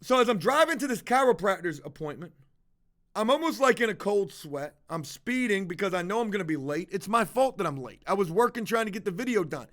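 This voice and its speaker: A man's voice: high-pitched, very animated, fairly quick, a bit bright. A man livestreaming to his viewers, telling a confessional story in a blunt, profane, casual way. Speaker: livestreaming vlogger.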